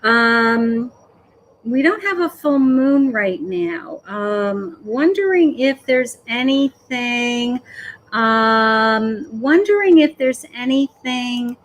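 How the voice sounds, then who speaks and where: A woman psychic medium giving a live-streamed reading, gentle and hesitant, filling pauses with "okay" and "um". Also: a little high, animated, a little hiss or hum, rough recording. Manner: slow, hesitant, full of "okay" and "um".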